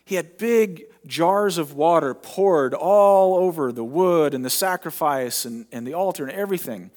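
A middle-aged male pastor preaching a sermon, retelling a story in a conversational way with dramatic pauses. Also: a little high, darkish tone.

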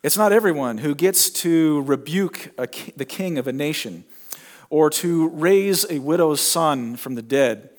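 A middle-aged male pastor preaching a sermon, retelling a story in a conversational way with dramatic pauses. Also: on the high side.

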